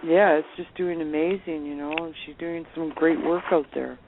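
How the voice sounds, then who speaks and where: A woman telling lively anecdotes as a phone-in guest, laughing often as she talks. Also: sits low, normal speed. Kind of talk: casual storytelling on a phone interview. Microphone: telephone. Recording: tinny phone line with faint hiss.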